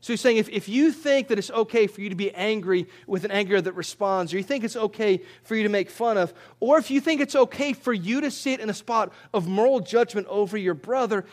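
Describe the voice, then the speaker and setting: High-voiced man preaching a sermon. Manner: conversational preaching, repeats words, rises in emphasis. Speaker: pastor.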